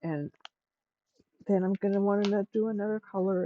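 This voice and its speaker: A woman's voice: mid-range voice, steady tone, normal speed. A middle-aged woman hosting a craft livestream, chatting to herself and to viewers as she works. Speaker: livestream host. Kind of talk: casual chat while crafting. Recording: dull, lo-fi dry sound.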